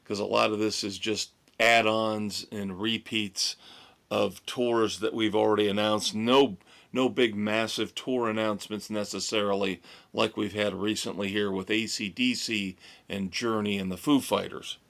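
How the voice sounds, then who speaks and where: Man, rock podcast host, unhurried, chatty, opinionated. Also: lowish voice, fairly even intonation, gravelly, fairly bright tone. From United States. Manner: chatty, opinionated, drawn-out delivery. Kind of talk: casual music news rundown.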